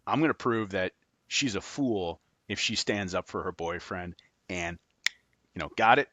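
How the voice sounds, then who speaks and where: A man's voice: fairly low pitch, normal speed, no room sound. A man, a former FBI agent, telling stories as an interview guest, acting out the dialogue and laughing often. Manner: animated storyteller, laughs often, acts out dialogue. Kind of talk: storytelling in a podcast interview.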